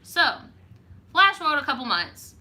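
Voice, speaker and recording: A woman's voice: sits high, big pitch swings, unhurried, pushed and bright. A young woman hosting a casual live stream, reading viewer stories aloud and reacting to them in slang. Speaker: storytime YouTuber.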